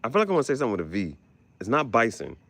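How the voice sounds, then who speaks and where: A man hosting a casual podcast chat, animated and profane, often jumping into squeaky exclamations. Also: rapid-fire, creaky, no room sound. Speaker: podcast host.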